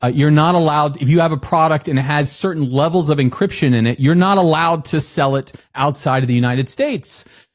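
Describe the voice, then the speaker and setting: A man co-hosting a podcast, explaining points step by step in a relaxed conversational way. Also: on the high side, brisk. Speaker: podcast co-host. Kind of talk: casual chat.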